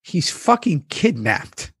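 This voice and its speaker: A man co-hosting a casual chat, retelling a plot excitedly, swearing freely and laughing often. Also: fairly high pitch, slow, husky, dry recording, studio quality. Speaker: podcast co-host, former cast member.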